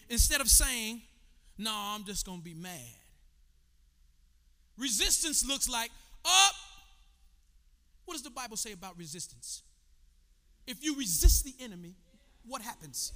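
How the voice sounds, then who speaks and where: A pastor preaching a sermon, swinging from low, conversational talk to shouted calls to the congregation. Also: male voice, expressive, normal speed, long pauses, long reverb tail.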